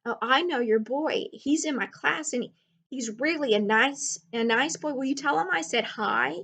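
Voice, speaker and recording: A woman's voice: sits high, moderate pace, creaky, a bit bright, voice pushed up, heavily acted. A woman voicing a chatty, innocent little girl who talks in a friendly, eager, naive way.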